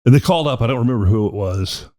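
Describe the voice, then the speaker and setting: A man's voice: mid-range voice, rapid-fire, warm tone. A middle-aged man, a podcast host and former radio DJ, telling rambling, profane stories in casual chat.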